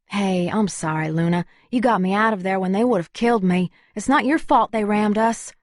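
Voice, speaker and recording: A woman voicing an earnest, tactful young heroine in an audiobook, speaking a little brighter than her narration. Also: mid-range voice, moderate pace, no echo, clean studio sound, close to an everyday voice.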